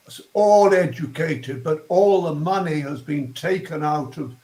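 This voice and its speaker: An older man with a posh southern English accent speaks slowly and thoughtfully, pausing and restarting as he looks for words. His voice sits a little high for a man. The recording has a noticeably roomy, echoey sound. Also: dark tone. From England. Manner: slow, thoughtful, searching for words with ums and restarts. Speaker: guest. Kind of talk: reflective interview talk.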